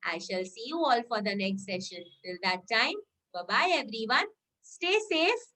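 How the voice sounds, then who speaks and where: A woman teacher leads young children through a lesson in a high, bright voice. Her pitch swoops up and down in a sing-song way. She keeps an unhurried pace and cheers the children on. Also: sing-song. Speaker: kindergarten teacher.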